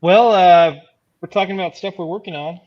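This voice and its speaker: Comic writer, male, slightly higher voice, halting and laid-back, dull lo-fi sound. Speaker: comic book writer, co-host. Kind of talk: casual chat.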